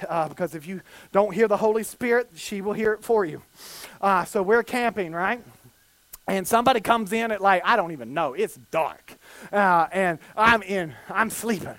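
A male pastor delivering a sermon, moving between loud, shouted preaching and quiet, fast, joking storytelling. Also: sits high, no room sound.

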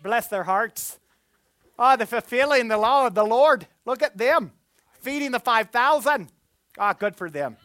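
Brief: a preacher playing a mocking, pious onlooker with a put-on Irish lilt, lively pitch. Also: a little slow, dry recording, clean studio sound. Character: mock-pious onlooker praising church folk.

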